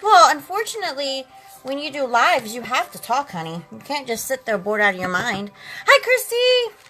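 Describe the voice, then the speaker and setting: A sassy, talkative woman chats with her viewers on a makeup live stream, calling them "girls" and "honey." Her high voice is expressive and brisk with a sharp edge. The recording is rough, with faint eighties instrumental music playing behind her.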